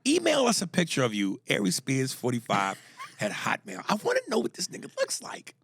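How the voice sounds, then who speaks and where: Gravelly male podcast host, lively delivery, husky, dry mic. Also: medium pitch, a little fast, slight background noise. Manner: animated, reads emails aloud, jokes in voices. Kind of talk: casual podcast banter.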